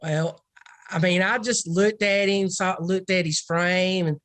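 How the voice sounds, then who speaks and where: A woman's voice: on the low side, fairly even intonation, a little slow, dry recording. A woman football recruiting analyst in a casual podcast discussion, rambling and thinking aloud.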